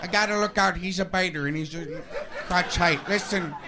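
A man's voice: sits high, moderate pace. A man doing a pompous, menacing male movie villain in a stand-up act, recorded in a noisy live club with the crowd audible. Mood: mock menace. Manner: mock-menacing, barking catchphrases.

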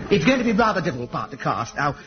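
An actor playing a flamboyant, excitable amateur theatre director who gushes. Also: male voice, fairly high pitch. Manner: gushing, flamboyant. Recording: dull old TV sitcom recording.

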